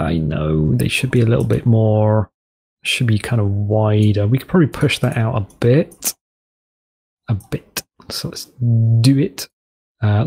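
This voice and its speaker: British guy rambling over a game map editor, gravelly kinda husky voice. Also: mid-range voice, dark tone. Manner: rambling, self-deprecating, digressive. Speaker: gaming video host. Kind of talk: rambling let's-play commentary.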